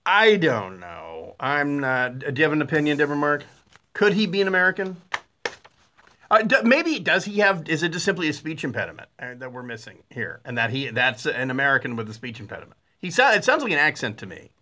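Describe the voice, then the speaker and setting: A middle-aged man hosting a talk radio show, with a blunt, sarcastic and animated way of talking, full of fillers and restarts. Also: fairly high pitch, fairly quick. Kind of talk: opinionated talk radio monologue.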